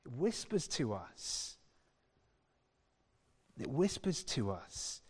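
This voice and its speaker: A man's voice: medium pitch, sing-song, takes it slowly, pauses often, darkish tone, slightly rough. A male preacher giving a conversational sermon, reading scripture and putting questions to the congregation. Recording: long hall reverb.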